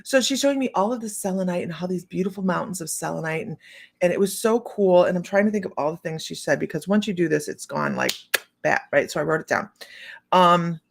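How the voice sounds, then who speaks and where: A middle-aged woman hosting a psychic livestream, telling a long story in a rambling, casual way with many restarts and quick hellos to viewers. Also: lowish voice, gravelly, a little hiss or hum. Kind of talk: casual chat.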